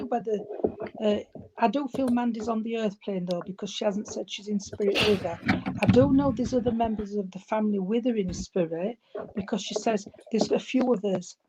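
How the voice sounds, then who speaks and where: A woman working as a spiritualist medium at a church service, relaying messages in a halting way and often calling the listener darling or sweetheart. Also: medium pitch. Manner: halting, with many fillers and restarts. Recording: loud background noise with clicks.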